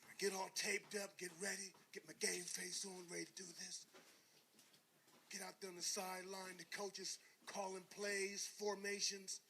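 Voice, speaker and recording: A man, a former football player, telling a story to a live audience as a motivational speaker, animated, dropping quiet and then shouting. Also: sits high, moderate pace, vocal fry, slight background noise.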